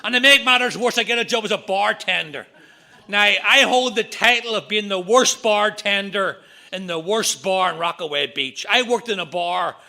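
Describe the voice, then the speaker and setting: A middle-aged Northern Irish man speaks at a recovery meeting, telling his story as a string of jokes and punchlines. His voice sits high and has a gravelly edge. His tone is bright and sharp. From Northern Ireland. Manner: joking storyteller, quick punchlines.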